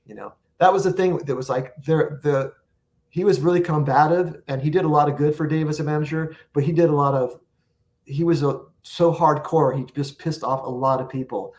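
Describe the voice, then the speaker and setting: A man's voice: a little high, steady tone, fairly quick, a little mellow. A man as the guest on an interview show, telling long rambling anecdotes and acting out what people said. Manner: rambling anecdotes with acted-out quotes. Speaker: guest musician. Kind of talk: storytelling interview.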